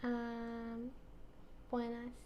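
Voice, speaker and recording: A woman student gives short, tentative answers in a monotone voice that sits a little high. She is slightly off-mic in a room with some echo. A faint noise hangs in the background. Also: extremely slow, highs cut off. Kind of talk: answering in a language lesson.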